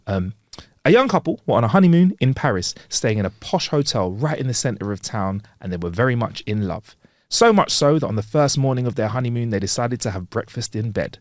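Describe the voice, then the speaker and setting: Playful man, lively voice. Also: mid-range voice, brisk, dry recording, clean studio sound. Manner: playful, giggly, voices joke characters. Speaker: podcast co-host. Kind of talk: casual comedy chat, reading jokes.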